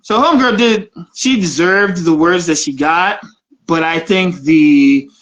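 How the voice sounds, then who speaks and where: Recorded with lo-fi sound, a man with a slightly bright, higher-pitched voice speaks a little slowly. He's co-hosting a relaxed conversation, frequently laughing as he tells frank stories from his own life.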